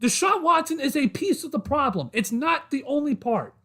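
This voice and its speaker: High-voiced man ranting about football. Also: very animated, moderate pace, gravelly, bright, forceful tone. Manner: frustrated, repetitive, addresses chat as guys. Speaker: sports podcast host. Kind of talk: solo livestream sports rant.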